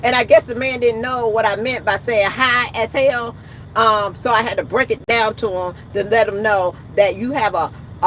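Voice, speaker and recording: An indignant woman trucker speaks, venting in a casual vlog with emphatic bursts. Her voice sits at a middle pitch. Faint traffic noise comes through from outside. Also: a bit bright. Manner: emphatic and indignant, retelling conversations with rising outbursts. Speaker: truck driver. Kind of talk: ranting vlog storytelling. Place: in or by a truck at a roadside.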